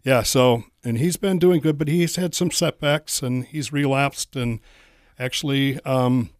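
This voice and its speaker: A man leading a ministry, speaking as a guest on a radio show, halting and full of fillers. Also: medium pitch, no echo, clean studio sound. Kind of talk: casual radio interview.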